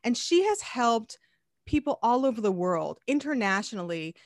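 A woman hosting a podcast interview, effusive and quick to agree in casual chat. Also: fairly high pitch, very animated, dry recording, clean studio sound. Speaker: podcast host.

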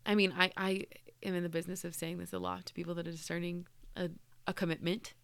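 Woman cohost, earnest and reflective, bright tone with vocal fry. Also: lowish voice, little pitch movement, fast talker, no echo. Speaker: podcast co-host. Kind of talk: casual faith chat.

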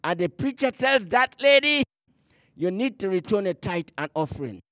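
A man preaching a sermon in a strikingly high voice, recorded dry and close. He is emphatic, lingers on the words he wants stressed, and sometimes repeats a word as he reaches for the next one. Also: big pitch swings, pushed and bright, no room sound. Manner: emphatic, slowing to stress key words, repeats words mid-phrase; reads scripture aloud in archaic phrasing.

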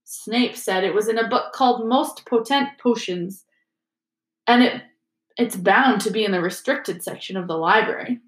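A woman's voice: medium pitch, moderate pace, natural voice. A woman voicing a clever, cautious teenage schoolgirl who talks earnestly, in an echoey room. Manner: earnest, careful.

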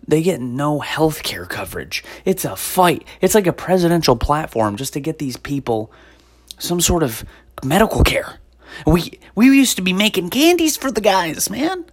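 A woman's voice: on the low side, slightly rough. A woman hosting a podcast in a casual monologue, ranting with sarcasm and lots of swearing and rambling between topics. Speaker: podcast host; former stand-up comic.

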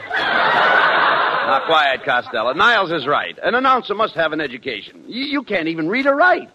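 A man's voice: fairly high pitch, sing-song, normal speed. A man playing the exasperated straight man in a 1940s radio comedy, scolding his partner. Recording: noisy dull old radio broadcast.

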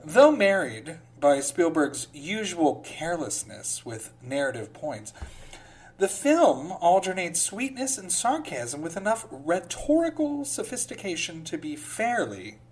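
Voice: mid-range voice, sing-song, unhurried. A podcast host reading film reviews aloud in a casual way, with sarcastic asides between the quotes and a slide into a pompous reading voice.

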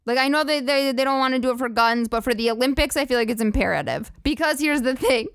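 A young woman hosts a comedy podcast. Her pitch sits a little high, and she rants sarcastically with lots of swearing. Her voice is recorded dry and close with no room echo. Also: quick pace, clear, resonant tone. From United States. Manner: sarcastic, profane, rambling asides. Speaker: podcast host. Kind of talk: casual comedic rant.

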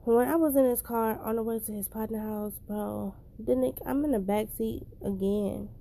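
A woman's voice: on the high side, fairly even intonation, normal speed, vocal fry, mellow. A young woman telling a personal story in a casual vlog, blunt and profane, getting emotional as she speaks.

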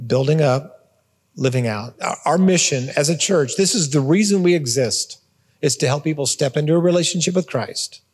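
A man's voice: on the high side, husky, big-room sound. A man giving a conversational sermon as a pastor, repeating words and adding informal asides. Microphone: phone or portable device.

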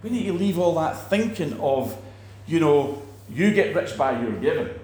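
A man teaching about faith in a relaxed talk, animated, acting out quoted people and restarting his sentences often. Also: on the high side, normal speed, echoey room. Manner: animated, acts out quoted preachers, many restarts. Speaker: preacher.

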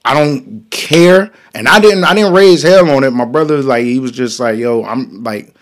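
A man hosting a podcast, telling a profane story in a casual, animated way, swinging from loud bursts to hushed asides. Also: a little high, normal speed. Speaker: podcast host.

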